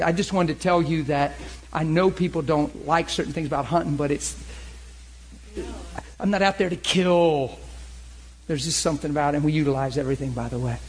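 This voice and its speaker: A man in his forties, a preacher telling hunting stories in a lively, laughing sermon style. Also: fairly high pitch, slight background noise. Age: 40s. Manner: animated, laughing storyteller. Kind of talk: sermon storytelling.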